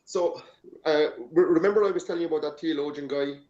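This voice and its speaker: A man's voice: fairly high pitch, quick pace, warm tone. An Irish man with an Irish accent, chatting casually in a rambling, anecdotal way and swearing freely. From Ireland. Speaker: podcast host. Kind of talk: casual chat. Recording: echoey, dull lo-fi room sound.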